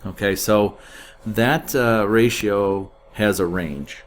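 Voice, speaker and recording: A man with a very low voice walks students through a recorded math lesson. He explains in a steady way and often fills pauses with uh. A faint hiss sits under the recording. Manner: steady explanatory, with frequent fillers. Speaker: math teacher.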